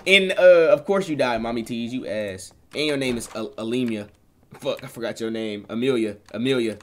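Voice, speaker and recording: A young man streaming a game, chatting casually with viewers in loose slang, joking and swinging between loud excited bursts and low mutters. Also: slight background noise. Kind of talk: casual live-stream chat while gaming.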